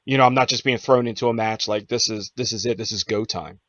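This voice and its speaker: A man's voice: lowish voice, fast talker, fairly bright tone, dry recording. A man hosting a podcast, asking casual, rambling interview questions. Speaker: podcast host. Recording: dull lo-fi sound, dry.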